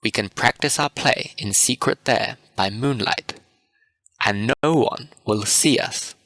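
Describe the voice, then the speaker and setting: A man reading the part of a patient carpenter who runs a play and hands out roles, in an orderly, calm manner, in a storybook reading. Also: mid-range voice, takes it slowly, no room sound. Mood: organizing.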